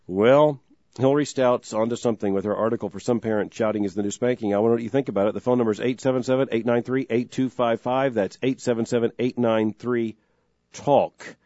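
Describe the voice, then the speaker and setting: A middle-aged man hosts a call-in radio show in a mellow, dark voice, talking earnestly and circling back on his phrases as he builds a point. The sound is dry and a little dull, like a broadcast studio feed. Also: mid-range voice, fairly even intonation, dry recording. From Florida, US. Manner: earnest, measured, repeats himself when starting a thought. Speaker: radio talk show host.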